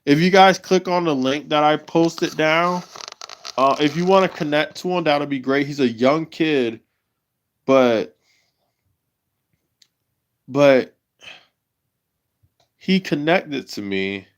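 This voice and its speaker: A man hosting his own livestream, talking emotionally in halting, repeated phrases. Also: on the high side. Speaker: livestream host.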